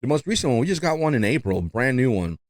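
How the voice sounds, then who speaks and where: A man's voice: mid-range voice, big pitch swings, fast talker, dry recording, studio quality. A man who learned English as a second language, hosting a podcast and chatting casually with lots of fillers and "you know". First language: not English. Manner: rambling, fillers, frequent "you know", laughs often. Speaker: podcast host.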